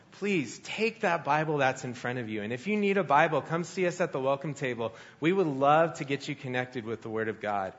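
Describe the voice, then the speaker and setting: A man's voice: mid-range voice, muffled recording. A young man giving a sermon, telling a personal story in a conversational way and acting out what people said. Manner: storytelling, conversational, animated quoting. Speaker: pastor.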